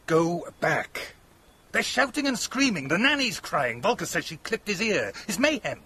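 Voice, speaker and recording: A man playing a pompous, exasperated gentleman in a radio drama, blustering and condescending. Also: high voice, big pitch swings, normal speed, slight background noise, exaggerated voice.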